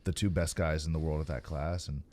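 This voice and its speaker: A man with a very deep, mellow voice hosts a studio podcast in a relaxed, casual tone. He gives his opinions at an easy pace, stammering into sentences and leaning on fillers. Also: fairly quick. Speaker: podcast host. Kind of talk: casual chat.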